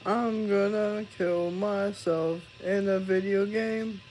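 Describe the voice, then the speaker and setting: A man's voice: sits high, fairly even intonation, slow, darkish tone, slight background noise, low-quality recording. A young man live-streaming, chatting casually, swearing and laughing as he rambles.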